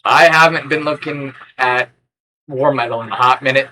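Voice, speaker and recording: A man rambling through an unscripted vlog in a sarcastic, erratic way, with sudden loud outbursts. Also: medium pitch, moderate pace, a little hiss or hum. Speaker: record collector vlogger.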